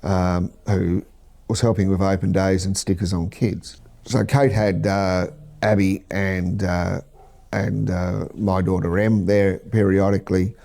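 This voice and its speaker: A middle-aged Australian man, a military veteran, recounting war memories in a measured, halting interview. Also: low-pitched, little pitch movement, vocal fry, mellow.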